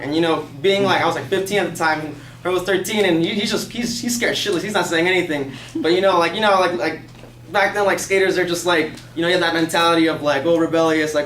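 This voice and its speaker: A fast-talking young man tells a personal story to a class, rambling with constant "like"s and swearing. His slightly high voice is captured by a distant mic in an echoey classroom with a faint hiss. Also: steady tone, fairly bright tone. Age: young adult. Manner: rambling, fills speech with "like" and profanity. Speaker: student storyteller.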